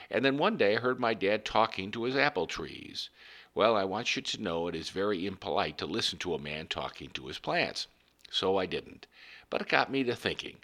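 Deep-voiced man reading a story aloud. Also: a bit bright. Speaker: reader of a story. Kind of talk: scripted narration of a first-person story.

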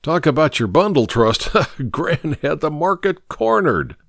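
A man voicing a teasing, excitable bachelor friend who jokes with the others. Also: a little high, measured pace, gravelly, no echo, clean studio sound, voice pushed up, exaggerated voice. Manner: teasing, exclamatory.

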